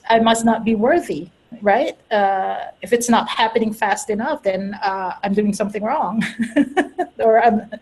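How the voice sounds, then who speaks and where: A woman's voice: a little high, a little mellow, breathy edge, rough recording. A woman talking casually about spiritual growth, earnest and laughing at herself now and then. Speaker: host and spiritual coach.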